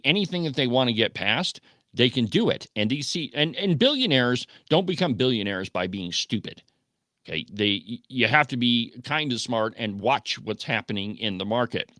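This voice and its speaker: A man in the host's chair of a political call-in radio show, arguing his points with emphatic rhetorical questions. His pitch rises and falls in lively swings. He is close to a studio microphone in a dry, dead room. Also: no echo. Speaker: political talk radio host. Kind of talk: opinionated call-in radio commentary.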